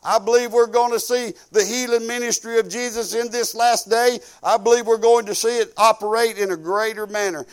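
A man's voice: very high-pitched, fairly even intonation, a little fast, hardly any pauses, smooth. An older man preaching a sermon, emphatic and repetitive, telling folksy stories with quoted dialogue.

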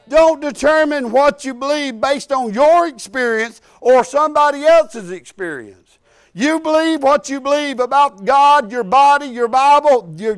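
Male preacher with a very high voice; folksy testimony sermon, emphatic, restarts often.

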